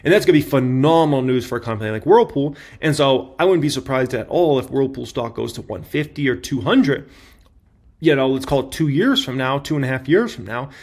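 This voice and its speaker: Man, 30s, gravelly voice, casual market commentary, loose conversational delivery. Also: medium pitch, animated, brisk, a little mellow. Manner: conversational, filler-heavy with tag questions. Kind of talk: casual talk to camera.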